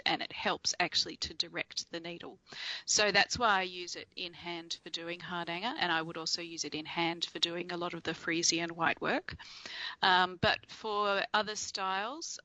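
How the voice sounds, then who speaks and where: A woman's voice: lowish voice, pushed and bright, no room sound, dull audio. A woman guest, an embroidery author and teacher, chatting on a remote call and explaining her methods patiently, correcting herself as she goes. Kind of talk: conversational explanation.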